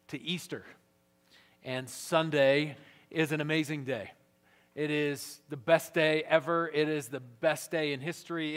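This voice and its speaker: A man's voice: a little high, a bit bright. A pastor in his thirties or forties preaching a sermon to a gathering, building his points through emphatic repetition. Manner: emphatic, repetitive build-ups with rising force. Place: large church gathering hall.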